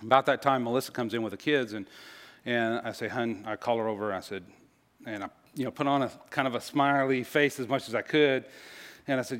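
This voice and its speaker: A man telling a personal story to an audience in a casual, halting way, with many fillers and restarts. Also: medium pitch, a bit bright. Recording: long hall reverb.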